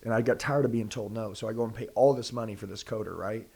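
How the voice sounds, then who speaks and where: A man with a husky voice and a darker, mellow tone pushes a motivational pitch. He is direct and preachy and fires off one rhetorical question after another. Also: fast. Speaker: sales trainer, podcast guest.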